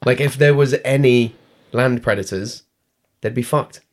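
A man's voice: mid-range voice, a little slow. A British man co-hosting a casual podcast, talking bluntly and swearing freely. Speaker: podcast co-host. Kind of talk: casual chat.

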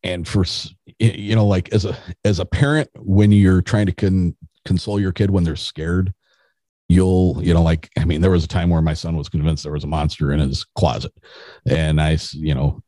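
Low husky-voiced middle-aged man. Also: fairly even intonation, moderate pace, mellow, no echo. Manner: rambling, with restarts and chuckles. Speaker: podcast guest. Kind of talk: casual storytelling.

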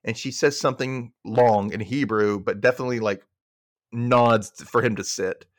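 A man's voice: medium pitch, normal speed, no room sound. Guy on a podcast recapping a sitcom, doing all the lines, mid voice, dry close sound. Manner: animated retelling, acting out lines. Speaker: podcast co-host.

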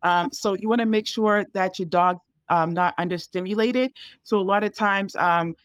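A woman's voice: mid-range voice, moderate pace, smooth, no echo, studio quality. A woman dog trainer giving casual advice in a conversation, explaining in a chatty way full of fillers like um and you know.

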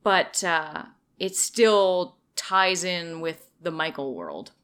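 Bright-voiced woman in casual chat. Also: on the low side, lively intonation, takes it slowly, clear, resonant tone. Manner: chatty, laughs easily, acts out characters' lines. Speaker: podcast co-host. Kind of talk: casual movie review chat.

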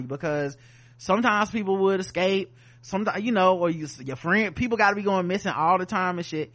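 Profane, animated podcast man. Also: sits high. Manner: profane, animated retelling of scenes. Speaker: podcast co-host. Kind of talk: casual episode review chat.

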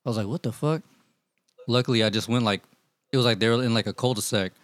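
A man telling profane, animated stories in casual chat with friends, acting out what people said. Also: medium pitch, rapid-fire, dry recording. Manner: profane, animated storytelling, acts out quotes. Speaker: storyteller among friends.

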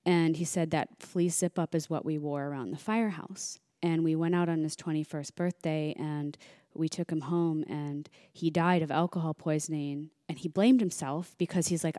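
Low, dry-voiced woman telling a story. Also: normal speed, no room sound. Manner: animated, acts out quoted dialogue. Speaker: podcast guest. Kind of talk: casual storytelling.

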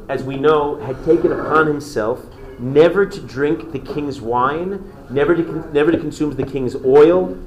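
A man teaching a lively, conversational storytelling class who quizzes his listeners as he goes. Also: mid-range voice, roomy sound, slight background noise, poor audio. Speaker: Torah teacher.

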